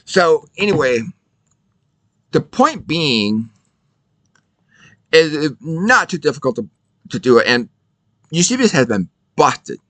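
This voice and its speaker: A man teaching in a casual video, his voice bright and forceful. His pitch rises and falls in a lively way as he drives points home with rhetorical questions. The sound is close and dry, with no room echo. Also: slow pace, long pauses. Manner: emphatic, rhetorical questions, repeats himself. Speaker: Bible teacher.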